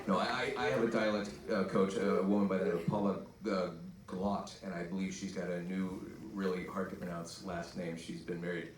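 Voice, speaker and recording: A laid-back man with a very deep voice jokes his way through a panel answer. He is heard from a distance in an echoey event hall. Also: fairly even intonation, normal speed, a little hiss or hum. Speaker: voice actor on a film panel. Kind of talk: casual panel talk.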